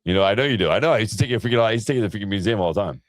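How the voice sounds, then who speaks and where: Fast-talking low-voiced man. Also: expressive, dry recording. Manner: loose, swearing, laughs often and jumps into high voices when retelling stories. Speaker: podcast co-host. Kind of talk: casual chat.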